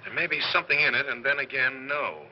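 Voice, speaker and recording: A man's voice: medium pitch, fast talker, dull audio, slight background noise, close to an everyday voice. An actor playing a cocky, dry-witted man in 1930s film style, on an old soundtrack. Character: cocky wisecracking man, sweet on heroine.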